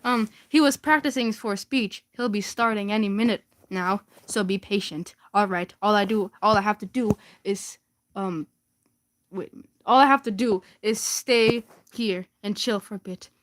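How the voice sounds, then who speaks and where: A woman's voice: medium pitch, unhurried. A young woman casually reading her old fanfiction aloud for laughs, giggling and stumbling over the words.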